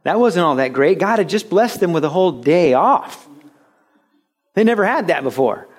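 A man's voice: high voice, normal speed. A man preaching a sermon as pastor, telling stories and acting out quotes. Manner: animated storytelling with acted-out quotes. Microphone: radio broadcast of a recorded sermon.

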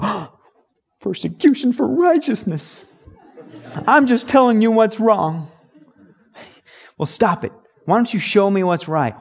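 A man's voice: on the high side, a little mellow. A man preaching a sermon as pastor, emphatic and joking, often acting out other people's voices. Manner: emphatic, jokey, slips into mock voices.

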